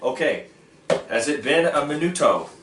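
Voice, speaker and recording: A man's voice: on the high side, lively intonation, normal speed, noisy background. A man hosting a casual food-tasting vlog, goofy and self-mocking as he jokes about snacks. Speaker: vlog host. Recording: echoey room from far off.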